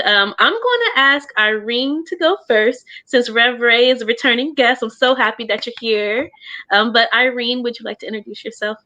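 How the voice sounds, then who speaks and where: A woman from Pennsylvania co-hosts a livestream and welcomes the guests. Her voice is on the higher side and bright. She chats casually, with plenty of fillers. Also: highs cut off. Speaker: co-host.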